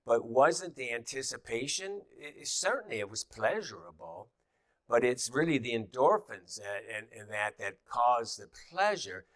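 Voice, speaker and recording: A man's voice: medium pitch, animated, moderate pace, fairly bright tone, dry recording. Chatty male teacher, dry close sound. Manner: chatty, many fillers and restarts, acts out little quoted thoughts. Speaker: teacher of a class. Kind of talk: conversational teaching.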